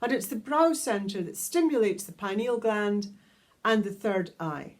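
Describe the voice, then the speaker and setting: A woman teaching a guided vocal toning lesson, calmly explaining each step and singing long vowel tones. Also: medium pitch, unhurried. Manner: calm, instructive, demonstrates sustained vowel tones. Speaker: sound healing teacher.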